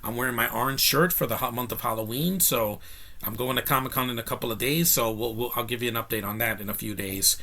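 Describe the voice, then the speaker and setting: A man's voice: mid-range voice, quick pace, bright, forceful tone. A man hosting his own video channel, giving an opinionated, emphatic movie review in a casual, ranting way. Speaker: YouTube film reviewer.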